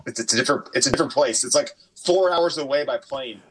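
A man's voice: medium pitch, fast, fairly bright tone, husky, rough recording. Man, co-host, blunt, joking, emphatic repeats, everyday mid voice. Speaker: podcast co-host. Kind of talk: casual chat.

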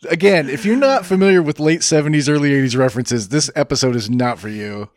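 A man's voice: on the high side, quick pace, no echo, studio quality. A man co-hosting a podcast, chatting casually about a movie with wry, sarcastic asides. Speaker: podcast co-host. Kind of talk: casual chat reviewing a movie.

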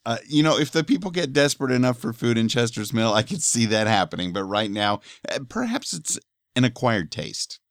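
A man's voice: medium pitch, big pitch swings, fairly quick, dry recording, studio quality. A man co-hosting a casual talk show in an easygoing way, laughing often. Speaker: podcast co-host. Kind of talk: casual chat.

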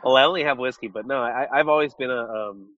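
A man co-hosting a casual football podcast while getting over a cold, talking with a slightly nasal, congested voice and a relaxed, joking manner. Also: medium pitch, quick pace, muffled recording. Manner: relaxed, joking, many restarts. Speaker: podcast co-host. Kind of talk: casual chat.

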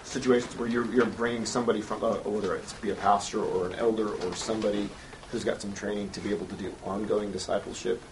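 A man's voice: fairly low pitch, steady tone, quick pace, background noise. A man asking a workshop speaker a question, hesitating and searching for his words. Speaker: audience questioner.

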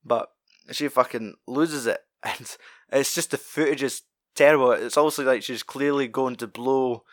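A man's voice: mid-range voice, steady tone, moderate pace, a bit bright, no room sound, studio quality. Sweary man chatting casually. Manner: sweary, rambling, laughs often. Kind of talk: casual film discussion.

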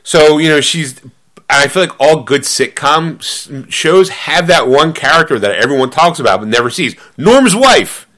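A man's voice: a little high, expressive, normal speed, fairly bright tone. A man co-hosting a podcast, chatting casually, rambling with many fillers and breaking into laughter often. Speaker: podcast co-host. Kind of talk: casual chat.

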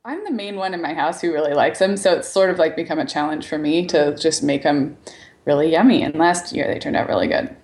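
Chatting loosely as a podcast co-host, this woman rambles and fills her speech with fillers. She has a deep, slightly mellow voice and talks fairly quickly.

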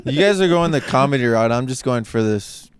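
A man's voice: medium pitch, animated, brisk, clean tone. A young man in casual chat, making dry, matter-of-fact remarks.

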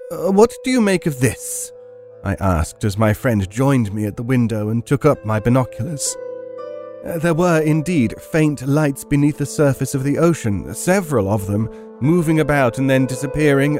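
A man narrating a dark story in a measured, dramatic storytelling manner. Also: mid-range voice.

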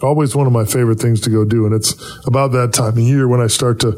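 A man chatting casually and reminiscing in a relaxed, rambling way, laughing easily. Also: medium pitch, fast talker. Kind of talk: casual chat.

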